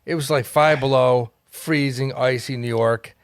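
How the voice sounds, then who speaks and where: Brief: male comic, gravelly voice, dry close sound, rambling storyteller. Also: medium pitch, fairly even intonation, measured pace, dry recording. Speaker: comedian, podcast co-host. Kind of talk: casual storytelling chat.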